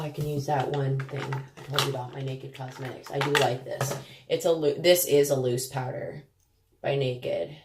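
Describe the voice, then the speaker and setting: A woman's voice: low-pitched, mellow. A woman beauty vlogger chatting casually through a makeup tutorial, self-deprecating, with sudden exclamations. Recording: echoey room.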